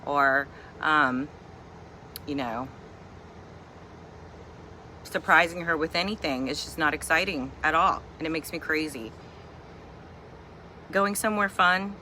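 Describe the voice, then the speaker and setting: A woman's voice: deep voice, slow, pauses often, sharp tone, a little hiss or hum. A middle-aged woman and mother from Virginia, ranting in a chatty, exasperated, humorous way in a casual vlog at home. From Virginia, USA. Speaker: vlogger and mother.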